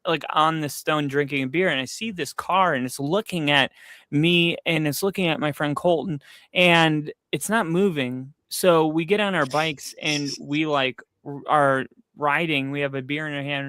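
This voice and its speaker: A man's voice: a little high, steady tone, normal speed, pushed and bright, clear, resonant tone, dry recording. A young man hosting a casual sports podcast, telling a story with loose fillers and frequent swearing. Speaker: podcast host. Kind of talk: casual chat.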